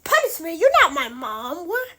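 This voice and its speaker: A woman's voice: extremely high pitch, very animated, normal speed, bright, forceful tone, full character voice. A woman doing an exasperated schoolgirl. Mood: indignant. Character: frustrated schoolgirl wanting her space.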